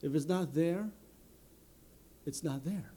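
Earnest high-voiced male preacher. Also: warm tone, breathy edge. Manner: earnest, measured, with many "you know" fillers. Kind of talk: sermon.

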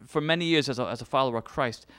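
A man's voice: medium pitch, very fast, fairly bright tone. A middle-aged man preaching a passionate sermon, full of restarts and repetitions. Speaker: pastor.

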